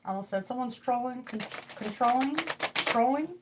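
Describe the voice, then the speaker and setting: Streaming casually from home, a young woman reads tarot and chats with her viewers, wandering off topic and cracking jokes. Her voice sits on the higher side and moves at a moderate speed, with plenty of background noise.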